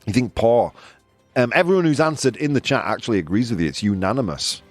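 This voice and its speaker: A man's voice: mid-range voice, lively intonation, quick pace, no room sound, soft background music. A man hosting a live news quiz stream, chatting playfully with viewers and laughing often. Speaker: host.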